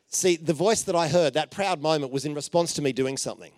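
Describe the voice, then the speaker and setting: A man preaching a conversational sermon, telling stories with playful jokes and asides, and dropping to a soft voice for emphasis. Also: fairly high pitch, fast, few pauses, dry recording. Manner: informal and joking, with many fillers and playful asides.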